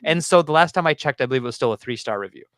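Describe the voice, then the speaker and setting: A man hosting a casual podcast, telling a story about his game store with lively acted-out quotes. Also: medium pitch, racing, dry recording, studio quality. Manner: animated storyteller, acts out customers.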